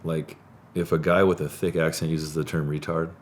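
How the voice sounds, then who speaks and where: Man, very low voice, animated, laughs a lot, casual podcast chat. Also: normal speed, a little hiss or hum. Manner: animated storytelling, laughs often. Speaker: podcast host. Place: studio.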